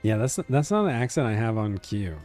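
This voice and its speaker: A man's voice: fairly low pitch, sing-song, brisk, darkish tone. Male streamer, casual and chatty, talking to chat over faint game music. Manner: chatty, answers chat, hesitant restarts.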